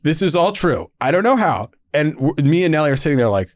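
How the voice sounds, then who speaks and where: A young man, a podcast guest, telling stories in a casual, animated way with lots of fillers and laughter. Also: a little high, fast talker, dry recording, clean studio sound. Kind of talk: casual storytelling interview.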